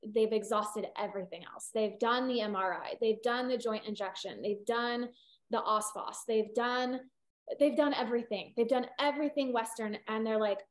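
A middle-aged woman with a somewhat high voice, a veterinarian talking loosely in an interview. She rambles, piles on fillers and restarts her sentences as she explains. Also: fairly even intonation, normal speed. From California. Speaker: holistic veterinarian guest. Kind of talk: casual interview conversation.

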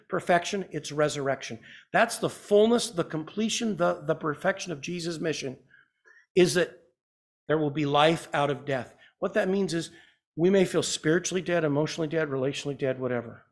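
A male pastor delivering a sermon in a slightly high voice. He swings between loud, urgent emphasis and quiet, hushed passages. He puts rhetorical questions to his listeners. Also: moderate pace.

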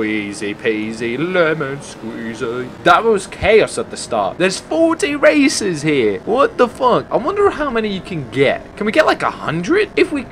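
Excitable man commentating gameplay. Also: mid-range voice, noisy background. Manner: excitable, swearing, trash-talking.

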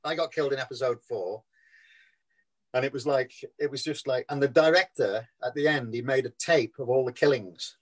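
Brief: older Liverpool man, Scouse accent, mid-pitched, chatty anecdote teller who laughs easily. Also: normal speed, rough recording. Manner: chatty storyteller, laughs often at his own tales. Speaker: actor guest. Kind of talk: casual anecdotal interview.

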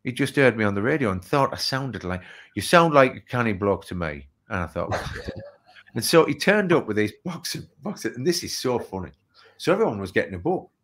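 A man's voice: mid-range voice, fairly quick. A man telling an anecdote in an interview, bringing it to life and acting out the dialogue. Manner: lively anecdotal, acts out dialogue. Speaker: author and speaker. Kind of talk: storytelling in an interview.

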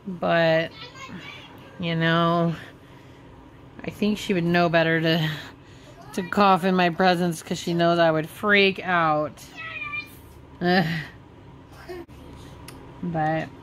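A woman's voice: on the low side, steady tone, slow, pauses often, fairly bright tone, slight background noise. A woman hosting a casual crafting vlog, talking in a laid-back, giggly way. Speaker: vlog host. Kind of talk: casual chat while crafting.

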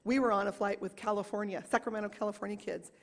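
A woman in her forties, a small group leader, telling an earnest personal story to a church congregation and slowing down to stress key moments. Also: mid-range voice, fairly even intonation, vocal fry. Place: church sanctuary. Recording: reverberant church hall.

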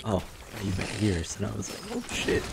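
A man's voice: on the low side, brisk, creaky, noisy background. A man hosting casual gaming commentary, rambling, joking and swearing freely as he plays. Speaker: gaming channel host.

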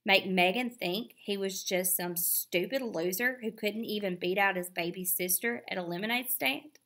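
Reading a children's novel aloud, a woman tells the story expressively in a medium-pitched voice at normal speed.

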